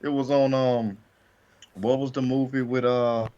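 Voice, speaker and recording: A man co-hosting a podcast in relaxed, casual chat, recorded on a dull lo-fi mic. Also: mid-range voice, a little slow, a little hiss or hum. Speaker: podcast co-host.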